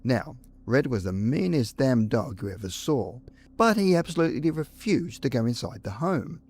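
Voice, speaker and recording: A man reading first-person ghost stories as scripted narration, measured and with dramatic pauses. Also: medium pitch, sing-song, darkish tone, slightly rough.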